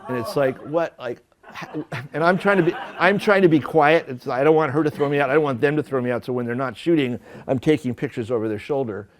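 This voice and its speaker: A man in a mid-range voice tells stories from his working life to a lecture audience. He is lively and self-mocking, with frequent false starts and rephrasings. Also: mid-range voice, brisk. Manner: animated, self-deprecating storytelling with many restarts. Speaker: photographer giving a talk. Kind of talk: storytelling lecture. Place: lecture hall at an art school.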